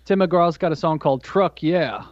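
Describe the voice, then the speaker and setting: A man's voice: on the high side, normal speed, lo-fi sound. A man co-hosting a podcast in casual chat, joking and eagerly listing things. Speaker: podcast co-host.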